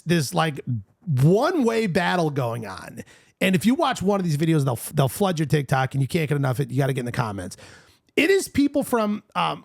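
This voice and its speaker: A man hosting a podcast in casual chat, excitable and animated, saying "dude" often. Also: sits high, creaky, no room sound, studio quality. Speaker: podcast host.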